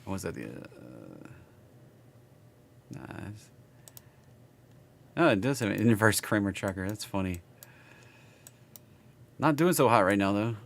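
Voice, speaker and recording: A man's voice: lowish voice, big pitch swings, slow, creaky, long pauses. A man with a Southern accent, casually reading stock charts on a live stream and chatting with viewers.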